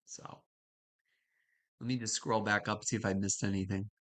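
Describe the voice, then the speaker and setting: A woman's voice: extremely low pitch, fairly even intonation, moderate pace. A woman hosting a live stream from home, chatting casually with viewers and greeting them by name. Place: home kitchen.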